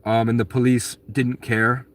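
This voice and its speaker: A man at a medium pitch talking straight to his viewers in a loose, rambling monologue. He sounds aggrieved, keeps restarting his sentences and swears bluntly. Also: flat delivery, unhurried. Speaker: vlogger answering viewer questions. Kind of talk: casual storytelling monologue.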